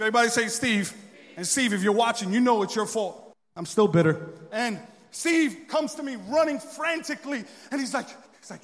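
A young man preaching a sermon, telling a funny story and acting out the dialogue with lots of energy. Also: sits high. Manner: animated, joking, acts out dialogue. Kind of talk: sermon storytelling to a live audience. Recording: long reverb of a large hall.

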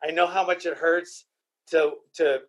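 A podcast host in casual chat, emotional and profane, often repeating himself. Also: male voice, fairly high pitch, fairly even intonation, unhurried, highs cut off.

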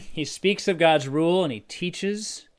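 A middle-aged pastor takes his time with a conversational sermon, rising to forceful, loud climaxes and then easing back down to a low, quiet voice.

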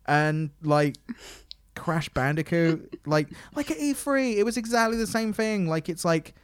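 A man's voice: a little high, lively intonation, a little slow, clean tone, no echo. A man co-hosting a casual podcast chat, ranting and swearing, acting out what others said. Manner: ranting, sweary, mimics people in quotes. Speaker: podcast co-host.

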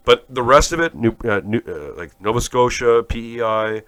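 A man's voice: mid-range voice, expressive, normal speed, fairly bright tone, no room sound. A man from Canada hosting a podcast, rambling through a profane, sarcastic comic rant. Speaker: podcast host.

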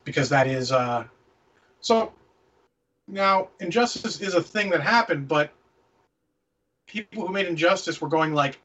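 A man's voice: fairly high pitch, animated, a little slow, pauses often, fairly bright tone, recorded from a distance, muffled recording. A man co-hosting a casual movie review podcast, opinionated and ranting, swearing freely. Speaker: podcast co-host.

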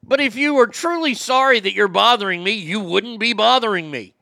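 A man's voice: sits high, expressive, brisk, gravelly, pushed and bright, no room sound, studio quality. A man hosting a casual talk show, ranting bluntly and profanely, often stumbling over repeated words as he tells stories. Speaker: show host.

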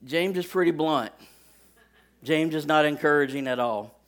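A man preaching, telling a lively personal story with sound effects and speaking directly to his congregation in a folksy way. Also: fairly high pitch, normal speed. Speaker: pastor.

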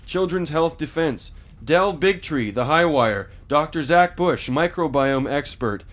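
Podcast host guy reading off a list, dry little jokes, higher-ish voice. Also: lively intonation, measured pace. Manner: reads out a list, wry asides. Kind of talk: casual comedy chat.

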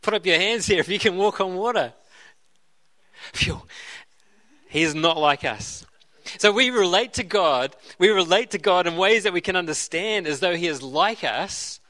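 A man's voice: high-pitched, lively intonation, moderate pace, bright, forceful tone. A man preaching a sermon in an earnest way, often repeating and restarting his phrases. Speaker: pastor.

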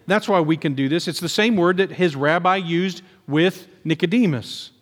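A man preaches in a church sanctuary, his fairly high voice carried by a long hall reverb. He drops to quiet scripture reading, then bursts into excited, animated lines. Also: moderate pace. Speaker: pastor. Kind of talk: sermon.

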